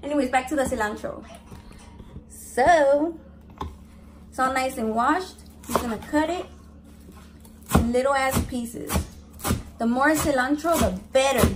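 High-voiced brash swearing woman cooking. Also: measured pace, pauses often. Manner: brash, swears constantly, mixes in Spanish. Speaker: cooking vlogger. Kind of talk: casual cooking vlog. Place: home kitchen with family around. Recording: noisy kitchen recording.

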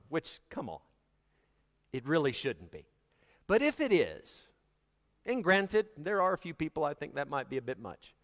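Joking, conversational pastor in a reverberant church. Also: male voice, a little high. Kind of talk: sermon. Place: church sanctuary.

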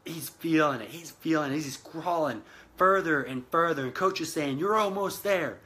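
Bright, earnest motivational male speaker. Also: on the high side, normal speed. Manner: earnest, addresses listeners as guys, repeats phrases for emphasis. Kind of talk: motivational talk retelling a film scene.

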